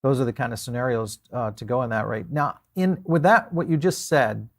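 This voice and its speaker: A man's voice: medium pitch, a little fast. A man hosting a finance interview who asks rambling, hesitant questions. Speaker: interview host.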